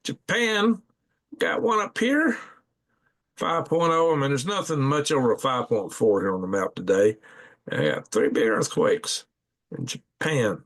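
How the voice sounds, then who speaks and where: A man's voice: medium pitch, animated, a little slow, fairly bright tone. A man hosting a casual live stream, rambling in a folksy way and thinking aloud as he clicks through maps at home at night. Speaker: channel host.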